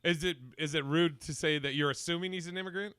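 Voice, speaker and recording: A young man hosting a casual comedy podcast, talking in an animated way, laughing often and acting out the people he quotes. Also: fairly high pitch, fast talker, smooth. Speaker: podcast host.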